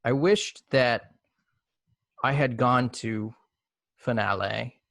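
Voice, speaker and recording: A man telling a long comic story in a deadpan, mock-formal way over a video call. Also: fairly low pitch, moderate pace, dry recording.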